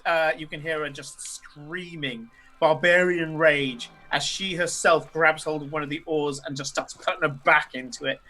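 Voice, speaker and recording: Bright-voiced man running a tabletop game. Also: a little high, fairly even intonation. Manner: halting narration with many fillers and restarts. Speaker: game master.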